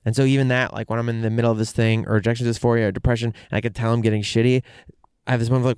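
A man thinks out loud in a loose, candid monologue, swearing freely and circling back with fillers. His voice is smooth and clear, recorded close and dry. The pitch sits in an ordinary middle range. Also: level tone, very fast, no room sound. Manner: candid and profane, rambling with fillers. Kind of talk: casual monologue.

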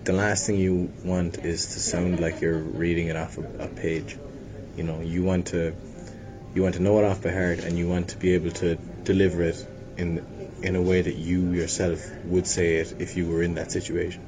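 This casual hotel interview features a young Limerick actor with an Irish accent talking at a moderate pace with little pitch variation. He's rambling, self-deprecating and restarts often as he discusses his acting work, over a noisy recording with a low rumble.

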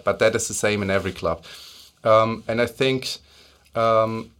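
Male guest, low voice, measured and chatty. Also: steady tone, a bit bright, clean tone. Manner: thoughtful, many fillers, explains at length. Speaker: podcast guest, engineer. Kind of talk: casual conversation.

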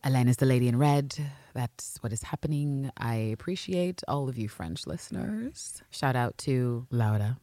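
Animated low-voiced woman podcaster. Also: a little slow, no room sound, clean studio sound. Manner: animated, swings from loud exclaiming to hushed asides. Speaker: podcast co-host. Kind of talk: casual fan podcast chat.

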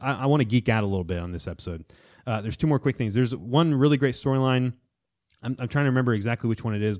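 A man in his thirties co-hosting a casual podcast, retelling comic storylines with enthusiasm and quick quoted voices. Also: mid-range voice. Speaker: podcast co-host. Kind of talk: casual chat.

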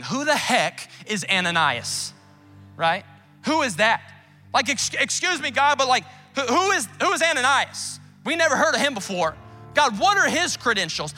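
High bright-voiced pastor man preaching, acts out talks with god, soft music under it. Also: long reverb tail. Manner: animated, acts out dialogue with God. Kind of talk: sermon.

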